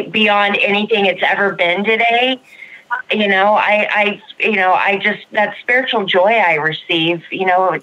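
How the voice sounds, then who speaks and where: Bright-voiced woman, effusive and rambling. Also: medium pitch, lo-fi sound. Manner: effusive, rambling with many fillers. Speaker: guest sharing recovery story. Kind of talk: casual podcast chat.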